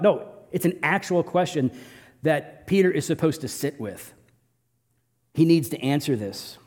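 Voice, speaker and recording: Male pastor, sermon delivery, animated and expressive, recorded in a reverberant hall. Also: unhurried. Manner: animated, swings between loud emphatic bursts and soft low asides.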